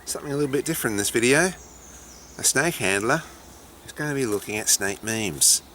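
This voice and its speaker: A middle-aged Australian man talks in a chatty, dry way as he hosts his own vlog. His voice rises and falls a lot, with a lively, animated delivery. Faint noise sits low behind him. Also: brisk. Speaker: snake handler and educator. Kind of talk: casual vlog commentary.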